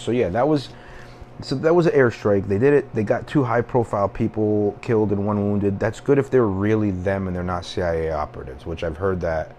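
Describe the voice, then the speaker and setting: A man's voice: on the low side, darkish tone, a little hiss or hum. A young man hosting a solo podcast, rambling and venting casually with frequent swearing and self-deprecating asides. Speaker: podcast host.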